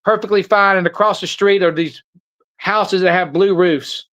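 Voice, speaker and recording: A man's voice: high voice, steady tone, moderate pace, a bit bright, highs cut off. An older man, a podcast guest who talks urgently and keeps stumbling over repeated words. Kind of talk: podcast conversation.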